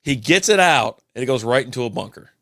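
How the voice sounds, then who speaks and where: A man's voice: mid-range voice, animated, fast, pushed and bright, dry recording. Profane rambling man, dry mic. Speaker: podcast host. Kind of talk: casual solo chat over a beer.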